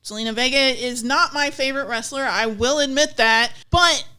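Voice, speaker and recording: Woman podcast co-host, high and bright, blunt exasperated rants. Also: moderate pace, smooth. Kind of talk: casual wrestling chat.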